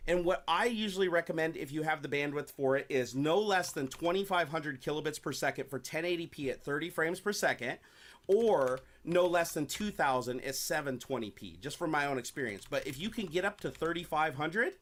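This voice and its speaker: A man with a slightly raised pitch talks viewers through a screen-recorded software tutorial. He explains each step plainly and addresses his audience directly. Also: animated, fairly quick. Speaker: tutorial presenter.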